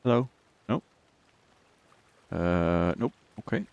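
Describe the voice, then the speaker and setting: A man's voice: low-pitched, slow, vocal fry, a little mellow, clear, resonant tone, dry recording, dull audio. A man streaming a video game, chatting casually and musing aloud, his voice jumping up when surprised. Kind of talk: casual let's-play commentary.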